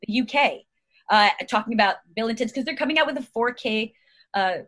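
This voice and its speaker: A woman's voice: on the high side, brisk, fairly bright tone. A woman in her fifties, a guest actress chatting casually, rambling through her thoughts and laughing often. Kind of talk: casual chat.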